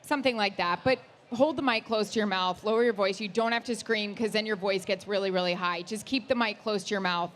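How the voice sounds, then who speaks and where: A woman co-hosting a live podcast on stage, excitable and blunt, giving quick, direct advice. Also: medium pitch. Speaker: podcast co-host.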